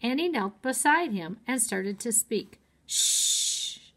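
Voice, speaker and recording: Slow, clear woman reading to kids. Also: a little high, expressive, a bit bright. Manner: slow and clear, explaining words. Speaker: teacher. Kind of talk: read-aloud storytime for children.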